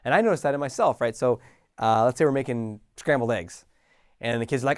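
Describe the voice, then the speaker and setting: A middle-aged man coaching listeners in a casual, animated talk, acting out small scenes with sighs and laughs. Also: medium pitch, brisk, smooth, dry recording, studio quality. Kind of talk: motivational talk to camera.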